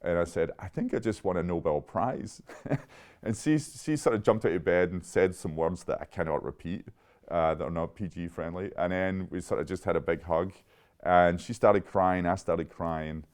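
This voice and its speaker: A man in his fifties, a chemist giving an interview, telling stories in a lively, laughing way with frequent restarts. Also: sits low, moderate pace, smooth. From Scotland. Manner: animated, laughing often, restarts mid-sentence. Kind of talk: conversational interview storytelling.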